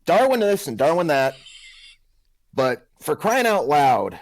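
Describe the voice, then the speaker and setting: A man co-hosting a casual podcast, telling a story in an animated way. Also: fairly high pitch, takes it slowly. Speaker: podcast co-host. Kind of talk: casual chat.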